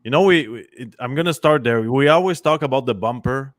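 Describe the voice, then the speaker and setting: Friendly former hockey player guest, dry sound. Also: male voice, mid-range voice, no echo. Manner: friendly, halting with restarts. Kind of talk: casual sports analysis.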